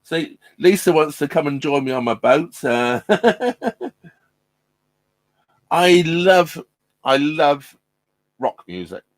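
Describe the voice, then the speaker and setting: A man's voice: on the high side, lively intonation, measured pace, no echo. A middle-aged man chatting casually on a live stream from inside his narrowboat, hesitant and full of ums and restarts. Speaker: vlogger hosting a live stream. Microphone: laptop mic.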